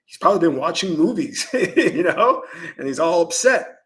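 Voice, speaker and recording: Emphatic man preaching in lively tones. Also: fairly high pitch, normal speed, poor audio. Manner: emphatic, preachy, lots of restarts. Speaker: Kemetic priest. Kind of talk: spiritual lecture monologue.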